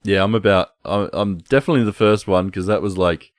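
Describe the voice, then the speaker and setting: A man's voice: fairly low pitch, a little fast, no room sound, clean studio sound. A young man, co-hosting a casual podcast chat, laid-back and swearing often. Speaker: podcast co-host.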